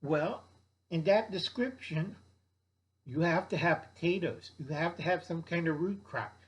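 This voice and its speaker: An older man lectures bluntly on survival gardening, his voice sitting a bit higher than most men's. He rambles, repeats himself and keeps checking that his listeners follow. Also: unhurried. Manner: blunt, lecturing, repeats "okay?" and mocks others in put-on voices. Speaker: survival vlogger. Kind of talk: rambling instructional monologue.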